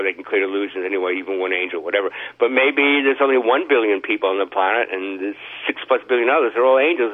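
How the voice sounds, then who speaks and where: A man calling in to a talk show, telling a long rambling story in a halting, stammering way full of fillers. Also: on the low side. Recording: tinny phone line.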